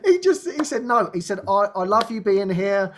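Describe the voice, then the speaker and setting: Animated man telling a story with frequent laughs. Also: sits high, normal speed, slight background noise. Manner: animated, laughs often, acts out quoted dialogue. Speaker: host of a spiritual talk show. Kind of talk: casual personal storytelling.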